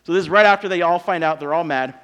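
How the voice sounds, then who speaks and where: A man's voice: on the high side, quick pace, a bit bright, clear, resonant tone, big-room sound. A man in his thirties preaching a sermon in a casual, joking, self-deprecating manner. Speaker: pastor.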